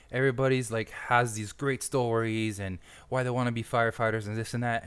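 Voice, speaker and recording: A man hosting a casual podcast interview, an animated storyteller who swears freely and laughs often. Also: lowish voice, clear, resonant tone. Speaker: podcast host and firefighter.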